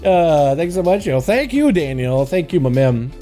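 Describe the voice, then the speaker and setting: A man's voice: fairly high pitch, big pitch swings, moderate pace, mellow, soft background music. A young man with a slight Russian accent, a native Russian speaker, chatting casually as a gaming livestreamer. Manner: laid-back, chatty, fills with "yo", "dude" and "boys". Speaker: streamer.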